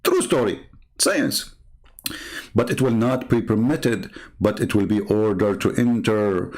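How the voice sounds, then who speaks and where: Man, mid-pitched, mocking commentary, broken English, sarcastic host. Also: big pitch swings, moderate pace, a little mellow. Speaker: online show host. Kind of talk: commentary on a played clip.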